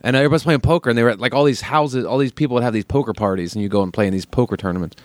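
A man on a casual podcast, chatting quickly and telling a story. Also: mid-range voice, no room sound. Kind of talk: casual chat.

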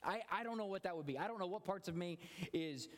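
A man's voice: high voice, expressive, fast talker. Earnest man preaching in a reverberant hall. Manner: earnest, repeats words while searching for them. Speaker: pastor. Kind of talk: sermon.

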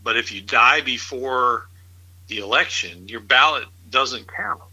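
A middle-aged man with a husky, very bright voice talks through politics in loose, rambling chat. He sounds incredulous and laughs often, circling back on his points. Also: mid-range voice, measured pace, highs cut off.

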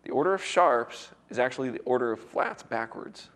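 A man's voice: mid-range voice, animated, moderate pace, fairly bright tone. A man teaching music theory to a worship class in a casual, encouraging way, often checking in with his students, his voice a little worn. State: recovering voice.

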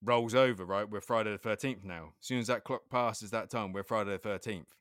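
A man's voice: on the low side, fairly quick, fairly bright tone. A man tells a story in a loose, casual podcast chat. He laughs often and swears in nearly every line. The recording is dry, with no room echo. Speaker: podcast co-host.

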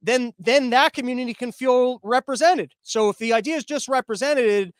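A man's voice: very high-pitched, normal speed, clean tone, no room sound, studio quality. A man hosting a show, delivering a sarcastic, rambling comedic monologue with frequent restarts. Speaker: show host.

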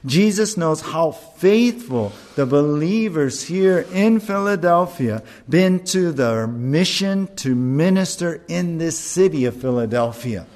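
A male pastor preaching a sermon, earnest and deliberate, with emphatic rises on key words. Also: on the high side, lively intonation, a little mellow.

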